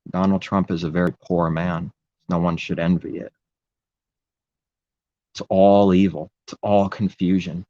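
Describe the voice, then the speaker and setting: A man's voice: low voice, little pitch movement, a little slow, long pauses, dark tone, dry recording, muffled recording. A man preaching in an impassioned, rambling religious monologue, repeating his phrases.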